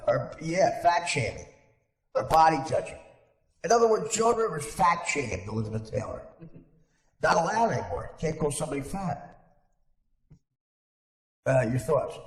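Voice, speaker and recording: A man hosting a podcast in casual chat, rambling with frequent restarts. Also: fairly high pitch. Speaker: podcast host. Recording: echoey room with long reverb.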